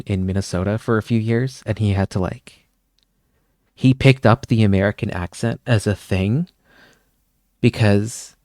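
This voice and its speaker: A man's voice: fairly low pitch, a little mellow, dry recording, clean studio sound. A young man from Pennsylvania hosting a live stream, chatting casually with viewers in a rambling way and wandering off on tangents. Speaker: livestream host.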